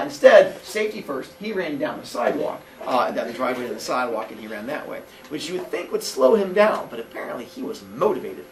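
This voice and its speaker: A man in his forties telling a childhood story casually, animated and laughing often, acting out quotes in a high voice. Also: far from the mic. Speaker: podcast host.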